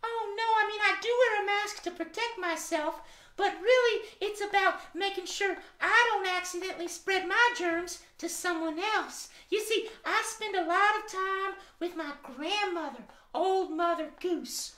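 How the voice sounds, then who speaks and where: A man doing a sweet high goose puppet lady. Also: unhurried, heavily acted. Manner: cheerful, polite, explains patiently. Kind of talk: puppet show for children. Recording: echoey room with loud guitar music.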